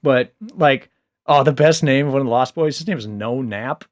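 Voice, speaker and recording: A young adult man casually reviewing a book, rambling with lots of fillers, a little low on sleep. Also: moderate pace, no echo, clean studio sound. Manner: rambling, filler-heavy, animated asides.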